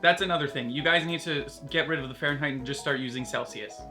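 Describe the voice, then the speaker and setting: A man's voice: on the high side, fast talker, over music. A man from Canada, ranting jokingly to camera as a YouTuber, sarcastic and casually swearing. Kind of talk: comedic vlog rant.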